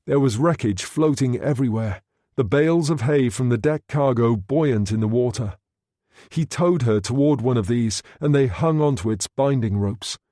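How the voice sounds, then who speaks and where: Male audiobook narrator, measured steady reading, mellow dark tone, dry close sound. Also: medium pitch, no room sound. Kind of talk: scripted narration.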